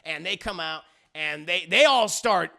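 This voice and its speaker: A man's voice: sits high, animated, measured pace, gravelly, sharp tone. A man reviewing music in a casual, rambling recap, swearing freely and acting out the lines he describes. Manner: rambling, profane, acts out the lines.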